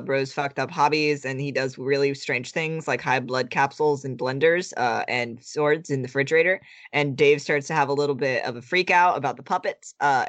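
A man hosting a podcast, talking quick in casual chat and laughing easily. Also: on the high side, fairly bright tone, no echo. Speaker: podcast host.

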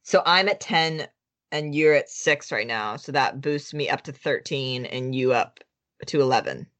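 A man with a mid-pitched voice hosts a podcast, speaking quickly and laughing easily. The casual chat is recorded dry and close, with almost no room sound. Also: fairly bright tone, dry recording. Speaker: podcast host.

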